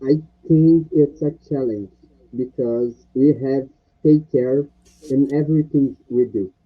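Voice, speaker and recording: A man's voice: mid-range voice, steady tone, slow, husky. A young Brazilian man with a Brazilian Portuguese accent, a native Portuguese speaker, talking hesitantly in an online English lesson over a video call. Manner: hesitant, searching for words. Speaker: English learner. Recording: tinny phone-like call audio.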